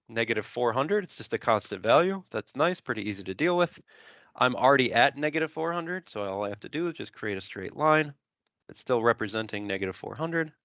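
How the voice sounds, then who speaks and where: The audio is muffled but free of echo as a male engineering instructor, medium-pitched with a sharp tone, works through a lecture example step by step. He reasons aloud while sketching, with plenty of "so" and "right?"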